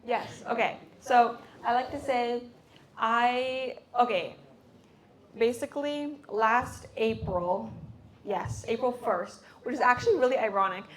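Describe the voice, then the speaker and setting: A woman's voice: on the high side, measured pace. A teenage girl from the United States, an exchange student, telling her story in a casual chat, full of fillers and acting out her own reactions. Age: teens. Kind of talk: casual talk at a hosted chat.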